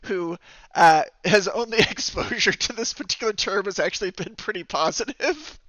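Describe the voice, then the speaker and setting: A man running a tabletop game as game master, narrating in a halting way with many fillers and restarts. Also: high-pitched, pushed and bright, no echo, lo-fi sound.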